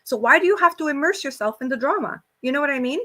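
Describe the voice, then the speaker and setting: A woman on a live stream, calmly backing up her co-host in casual chat. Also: high-pitched, quick pace. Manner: calm, reassuring, supportive.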